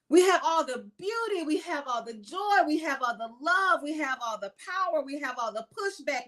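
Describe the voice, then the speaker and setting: High-voiced woman preaching emphatically. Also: pushed and bright. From United States. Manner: emphatic, repeats phrases in lists, laughs often. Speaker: reverend and podcast host. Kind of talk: preachy spiritual talk.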